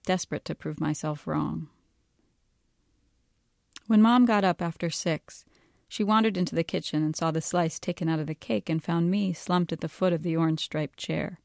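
A woman author reading her own novel aloud in a calm, measured way. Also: lowish voice, gravelly, dry recording, studio quality.

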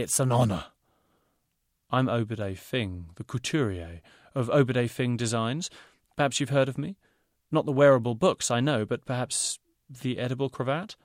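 A man voicing a fussy male fashion designer who talks in rapid, pompous salesman's patter. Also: mid-range voice, no echo, clean studio sound, pitched above the performer's own voice, close to an everyday voice.

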